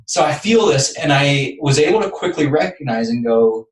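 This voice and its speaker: Podcast guest, earnest man from texas, mid-pitch voice, sits back from the mic. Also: brisk, few pauses, distant mic. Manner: earnest, building up anecdotes step by step. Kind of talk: personal storytelling. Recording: echoey room, voice off-mic.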